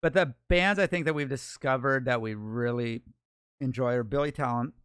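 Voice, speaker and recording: A man with a smooth, resonant voice talking casually and thinking out loud as he explains things. The recording is dry and close. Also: mid-range voice, moderate pace, no room sound. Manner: chatty, musing explainer. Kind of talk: casual chat.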